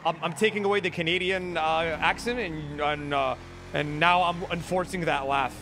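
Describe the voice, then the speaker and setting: A man's voice: a little high, fairly even intonation, normal speed, bright, forceful tone, slight background noise. A man bantering in character during a game roleplay, teasing and laughing often. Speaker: roleplay streamer.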